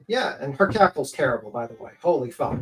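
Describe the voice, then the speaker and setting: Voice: mid-range voice, sing-song, a little fast, a bit bright, poor audio. A panelist on a livestream giving casual, rambling commentary full of swearing and filler words. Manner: profane, rambling, lots of fillers. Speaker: panel guest.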